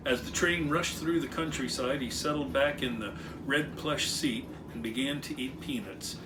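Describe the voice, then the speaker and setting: A man's voice: mid-range voice, normal speed, few pauses, distant mic, noisy background. A man reading a children's story aloud with expression, acting out animal and machine sounds along the way. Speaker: storyteller and clockmaker.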